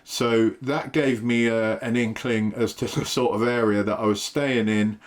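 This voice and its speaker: A man's voice: medium pitch, steady tone, a little slow. A man with an English accent giving a casual, rambling travel talk to camera, full of fillers. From England. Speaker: travel vlogger.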